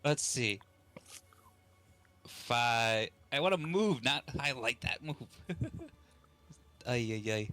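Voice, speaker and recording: A man's voice: medium pitch, lively intonation, takes it slowly, long pauses, pushed and bright. A man playing a tabletop game, chatting casually and often laughing at himself. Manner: laughs a lot, self-mocking. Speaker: player.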